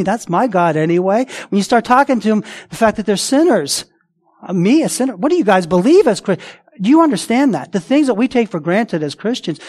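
A man's voice: sits high, darkish tone. A man preaching a sermon as a pastor, talking conversationally with rhetorical questions, restarts and acted-out voices. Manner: frequent restarts and repeated words.

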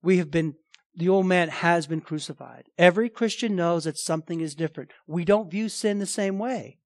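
A man preaching a sermon as pastor, emphatic, often asking the congregation questions and swinging between loud declarations and hushed lines. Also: high voice, moderate pace, dry recording.

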